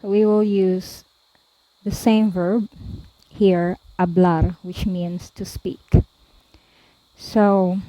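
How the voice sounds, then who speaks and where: A woman tutor slowly explaining verb forms, pausing often and repeating each one. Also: mid-range voice, warm tone, no room sound, poor audio. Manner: deliberate, repeats each form, frequent "um" and "okay". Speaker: language tutor. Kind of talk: slow explanatory lesson.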